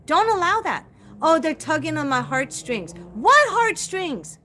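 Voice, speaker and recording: A middle-aged woman with a high, bright, forceful voice rants to her viewers on a live stream. She is blunt and profane and leans hard on her emphasis as she talks straight at them. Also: sing-song, a little slow, slight background noise. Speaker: psychic livestream host.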